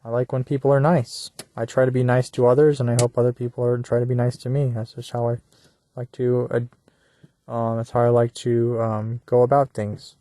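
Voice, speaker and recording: A man's voice: mid-range voice, level tone, fairly quick, mellow, no room sound. A young man talking in a rambling solo monologue, meandering and crude, often trailing off into mumbles. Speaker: podcaster. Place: at work during a shift.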